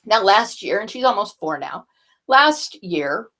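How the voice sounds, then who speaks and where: Lively older woman voice coach. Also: medium pitch, a little slow. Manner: animated, demonstrates vocal effects as she explains. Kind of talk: teaching a voice lesson.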